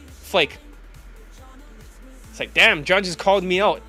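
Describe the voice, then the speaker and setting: A man's voice: sits high, slow pace, pauses often, bright, forceful tone, breathy edge, soft background music. A man, a dating coach, ranting bluntly and profanely in a vlog monologue.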